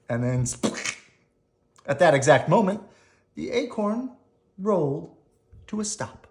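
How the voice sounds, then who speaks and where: Woman, bedtime story read-aloud, playful, animated, lively intonation, slow pace. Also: on the low side. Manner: playful, animated, chats with her child. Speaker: parent reading aloud.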